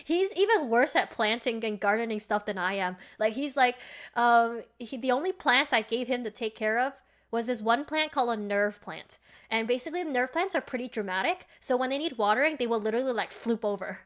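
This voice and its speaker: A bubbly woman streamer with a slightly high voice chats away casually to her viewers. She laughs a lot and answers her chat as she goes. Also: lively intonation, fairly quick. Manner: bubbly and chatty, laughs often, reacts to chat.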